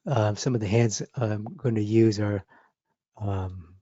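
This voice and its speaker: A man in his forties leads a drawing lesson with mellow, warm enthusiasm, repeating key words for emphasis and punctuating with playful sound effects. The recording is dry and a touch dull, with no room around the voice. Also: lowish voice, slow, no room sound. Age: 40s. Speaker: art instructor. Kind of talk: drawing lesson with live demonstration.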